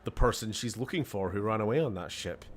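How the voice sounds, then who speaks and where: With a lowish voice, lively intonation, and fast talking, a Scottish streamer chats casually over his game, rambling, laughing to himself, and swearing now and then. A little hiss or hum sits in the background.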